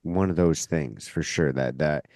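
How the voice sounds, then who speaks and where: A man hosting a casual podcast conversation, rambling with lots of filler words and a loud, forceful voice that can sound like yelling. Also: a bass voice, unhurried, dry recording, studio quality. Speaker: podcast host.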